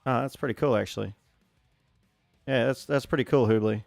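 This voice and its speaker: A man streaming a game, chatting casually and excitably, greeting viewers and reacting loudly to the action. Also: medium pitch, a little fast, vocal fry, no room sound, faint music behind. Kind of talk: casual live-stream chat while gaming.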